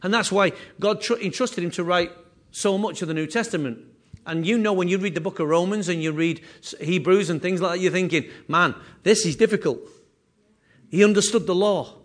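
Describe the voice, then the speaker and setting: High-voiced man preaching a sermon. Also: brisk. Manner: earnest preaching with repeated phrases and restarts. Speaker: pastor.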